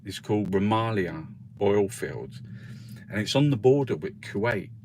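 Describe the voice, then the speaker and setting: A man's voice: lowish voice, expressive, unhurried, darkish tone, slight background noise. A man hosting a casual newspaper review, rambling and swearing freely, with frequent laughs. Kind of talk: casual chat.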